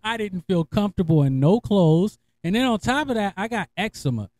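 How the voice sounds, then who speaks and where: A fairly high-pitched man talks casually to his listeners, swearing freely and breaking into laughter. He tells his stories in an animated, conversational way. He sounds middle-aged and relaxed. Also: fairly quick. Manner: laughing, profane, animated storyteller. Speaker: podcast host. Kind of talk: casual storytelling monologue.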